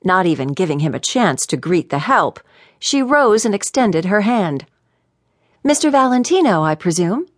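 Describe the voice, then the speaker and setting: A woman narrating a mystery audiobook in an expressive, animated way. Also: fairly low pitch, normal speed, dry recording, studio quality.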